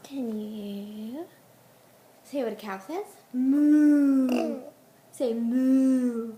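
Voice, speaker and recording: A woman's voice: fairly high pitch, slow, mellow, slight background noise. A mother coaxing her toddler at home, in sing-song baby talk, on a home video. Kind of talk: talking to a toddler. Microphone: handheld camera.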